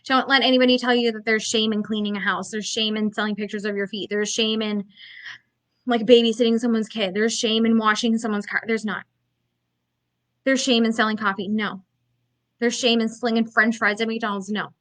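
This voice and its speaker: A woman's voice: a little high, little pitch movement, normal speed, a bit bright. Blunt, emphatic woman business coach. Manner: blunt, emphatic, conversational with many fillers. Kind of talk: motivational talk.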